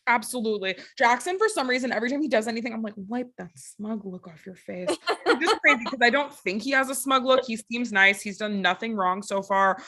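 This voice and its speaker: A woman's voice: on the high side, lively intonation, quick pace, few pauses, sharp tone. A woman co-hosting a podcast, blunt and jokey with exaggerated asides. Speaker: podcast co-host. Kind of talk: casual chat.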